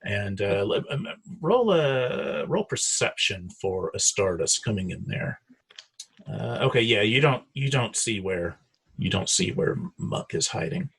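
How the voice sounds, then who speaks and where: A man running a tabletop game as dungeon master, easygoing and halting, laughing often. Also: fairly low pitch, very animated, creaky, a bit bright, breathy edge.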